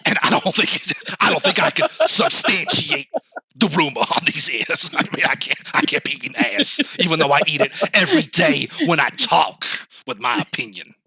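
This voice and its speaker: A man's voice: huge pitch swings, moderate pace, creaky, pushed and bright, slightly rough, exaggerated voice. A man doing a bombastic TV sports pundit. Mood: ranting. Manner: emphatic, preachy, lowered voice.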